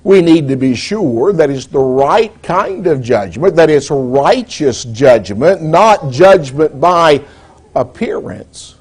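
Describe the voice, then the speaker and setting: A man preaching a sermon in a measured, deliberate way, posing rhetorical questions to the congregation. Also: on the high side, big pitch swings, darkish tone, slightly rough.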